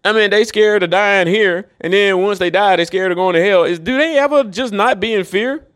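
A man's voice: high voice, normal speed, a bit bright. A man in a rambling solo monologue, profane and mocking, who laughs often. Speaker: commentator.

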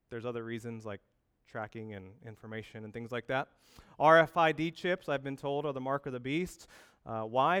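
A man preaching a lively sermon, telling a funny story with jokes and asides to the congregation. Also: medium pitch, smooth. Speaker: pastor.

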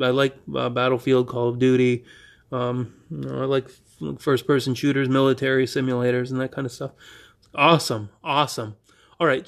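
Animated male podcast host telling a story. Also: mid-range voice. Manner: animated, reenacts dialogue with quick restarts. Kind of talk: storytelling monologue.

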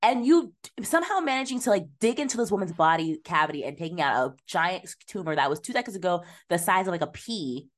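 A woman co-hosting a casual movie podcast, her pitch swinging widely as she retells scenes. She sounds incredulous and peppers everything with "like". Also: quick pace, few pauses. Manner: incredulous, heavy use of "like", animated retelling. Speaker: podcast co-host. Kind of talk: casual movie-review chat.

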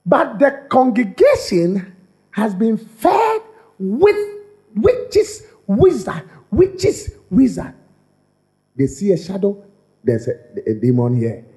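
A man preaching in an animated, repetitive way, often stumbling and restarting his words. His voice sits high and swings widely in pitch. He takes his time, with a slow, unhurried delivery. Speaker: pastor. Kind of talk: sermon.

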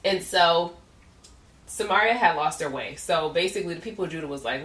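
Casting: low-pitched woman, casual devotional host, laughs often, recorded away from the mic in a roomy space. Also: a little fast, a bit bright. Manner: chatty, laughs often, colloquial asides. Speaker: podcast host. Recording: roomy echo, distant from the mic.

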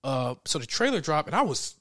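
A man co-hosting a casual chat, telling stories with loud laughing outbursts and mimicked voices. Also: a little high, sing-song, brisk, no echo, clean studio sound. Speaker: podcast co-host.

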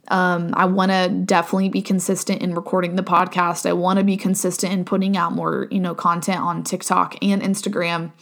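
Woman doing a solo podcast, kinda low voice, open and earnest, lots of "um" and "right?". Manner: candid and earnest, frequent "right?" and "um", some swearing. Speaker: podcast host. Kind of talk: casual solo podcast monologue.

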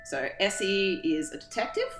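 A woman co-hosting a podcast, recapping a play in a casual, comedic way and acting out the characters' lines in quick, animated bursts. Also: medium pitch, roomy sound, over music.

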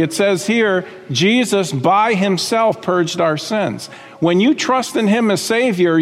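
A pastor with a high voice preaches a sermon conversationally, adding asides and checking in with the congregation. The recording has a long reverb tail.

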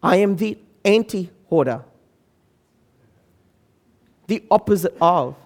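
A man in his forties with a notably high voice tells a funny family story. He is animated and acts out the voices of the people in his tale. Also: slow. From Australia. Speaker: speaker. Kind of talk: humorous storytelling talk.

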